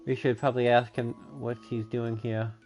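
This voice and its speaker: A man's voice: medium pitch, level tone, normal speed, darkish tone, faint music behind. A man streaming live, reading game dialogue aloud and often correcting himself mid-line. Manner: reads lines aloud with frequent self-corrections.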